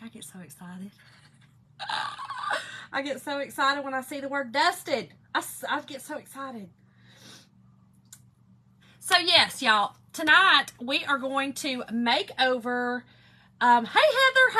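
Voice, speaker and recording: Woman, craft livestream host, excitable chatter, bright voice, slightly high. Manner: chatty, greets viewers by name, excitable. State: one ear still muffled. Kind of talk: casual live-stream chat.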